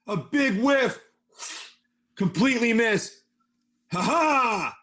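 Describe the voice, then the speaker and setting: A man running a tabletop game on a livestream, narrating dice rolls and combat in an animated, excitable way. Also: sits high, a little slow. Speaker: game master.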